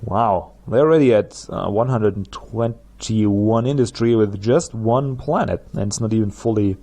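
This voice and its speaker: A man's voice: fairly low pitch, unhurried, dark tone. A man with a German accent, a native German speaker, chatting through gameplay commentary as a let's play host and laughing at his own jokes.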